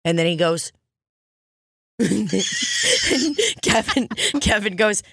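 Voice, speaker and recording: A woman's voice: on the low side, takes it slowly, pauses often, a bit bright, dry recording, studio quality. A woman co-hosting a casual comedy podcast, laughing often, swearing and acting out quotes. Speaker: podcast co-host.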